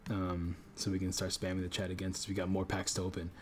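A young man hosting a livestream chats casually with his viewers while opening card packs, hyping them up with slang and repeated chants. He speaks fast in a low, monotone voice. There's slight background noise.

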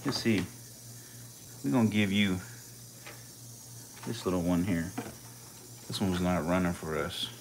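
Slangy low-voiced man chatting on a live stream. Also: measured pace, long pauses, slight background noise. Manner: slangy, talks to viewers and the snakes, swears. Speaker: reptile keeper streaming live. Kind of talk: casual live-stream chat. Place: indoors by snake enclosures.

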